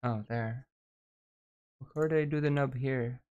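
Male streamer, easygoing, talks slowly to chat while working, casual cursing. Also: medium pitch, a little mellow, smooth, dull audio. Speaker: VTuber streamer.

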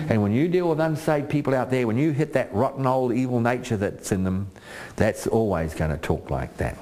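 An older man preaching a sermon, swinging between high pleading quotations and low earnest asides, often asking "Amen?". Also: lively intonation, normal speed, warm tone. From Australia.

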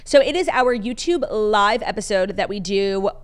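A woman's voice: mid-range voice, expressive, moderate pace. Gushing, swearing young woman podcast host. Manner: gushing, swears freely, full of fillers. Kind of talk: casual chat.

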